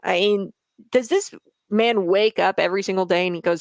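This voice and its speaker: A man's voice: high-pitched, normal speed, no echo. A man hosting a casual political commentary vlog, talking in a sarcastic, mocking way with lots of filler words.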